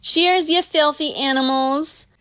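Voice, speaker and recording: A woman doing a loud, brash party girl. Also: steady tone, takes it slowly, no room sound. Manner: loud, high, swaggering.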